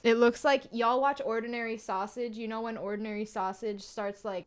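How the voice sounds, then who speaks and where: A woman's voice: mid-range voice, clean tone. A young woman hosting a comedy commentary, reading text aloud in a sarcastic, incredulous way and laughing often. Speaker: host.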